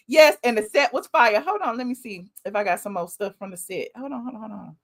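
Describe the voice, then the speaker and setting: Woman, live-stream host, high voice, sassy and emphatic, casual commentary. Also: a little fast, few pauses, fairly bright tone. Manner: sassy, emphatic, talks straight to viewers.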